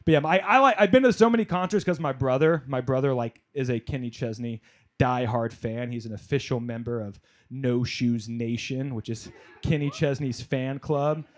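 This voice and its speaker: A man doing a stand-up comedy set on a club stage, telling animated stories, working the crowd and shouting some punchlines. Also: mid-range voice, normal speed.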